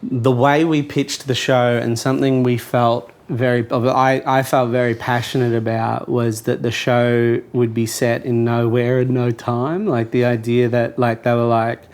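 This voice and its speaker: A man's voice: mid-range voice, flat delivery, measured pace, hardly any pauses, a little mellow. An Australian comedian explaining his ideas in casual chat, earnest and thoughtful.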